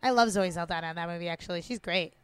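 A woman's voice: lowish voice, racing, clear, resonant tone, no room sound. A young adult woman from Canada, co-hosting a podcast and talking through a film in blunt, opinionated, casual commentary, laughing often. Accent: Italian-Canadian. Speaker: podcast co-host. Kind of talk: casual movie-watching commentary.

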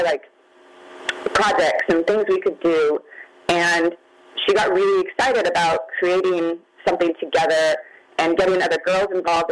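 A woman's voice: on the low side, poor audio. Candid mother telling a hard story. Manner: open, candid, near tears at times. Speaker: guest, magazine founder. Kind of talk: emotional personal storytelling.

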